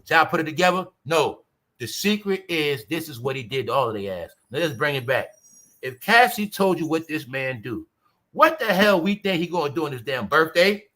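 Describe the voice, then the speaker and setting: High bright New man chatting. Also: normal speed. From New York. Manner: animated, addresses audience as y'all, mimics voices. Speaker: commentary show host. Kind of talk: casual celebrity gossip commentary.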